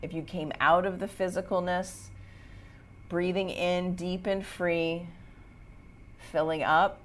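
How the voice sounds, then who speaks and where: Slow low-voiced woman yoga teacher. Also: fairly even intonation. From United States. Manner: short rhythmic commands with encouraging asides. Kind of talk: live yoga class cueing. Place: yoga studio.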